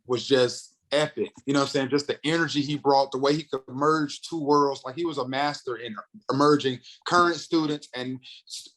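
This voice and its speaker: A comedian from North Carolina, a man in his thirties, telling a story in a casual interview with lively, animated delivery that acts out the other people's lines. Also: mid-range voice, rough recording. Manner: animated storyteller, acts out quotes, fast bursts. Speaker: comedian and radio host, podcast guest.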